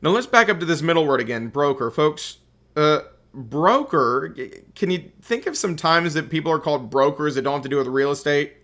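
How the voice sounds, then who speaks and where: A man from the Southern United States, with a Southern accent, lectures a class as a real estate instructor. His voice is a little high, animated, brisk, and a bit bright, and he's folksy and joking, repeatedly calling his students "folks".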